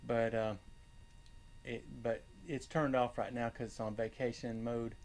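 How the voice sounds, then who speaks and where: An older man hosting his own channel, chatting casually about his finds and rambling with many pauses and fillers. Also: medium pitch, little pitch movement. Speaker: channel host and reseller. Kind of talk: casual chat.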